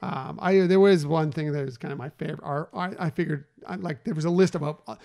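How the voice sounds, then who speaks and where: Male podcast host with a high voice, casual chat, reading lists with easy fillers. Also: a little fast, gravelly, mellow. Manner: reads out long menu lists with fillers and restarts.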